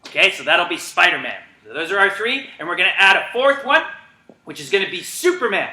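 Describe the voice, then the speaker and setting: A man's voice: high-pitched, sing-song, a little fast, bright, forceful tone. A man coaching an upbeat virtual home workout class, calling out commands and making sound effects, recorded in an empty gym. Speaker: gymnastics coach.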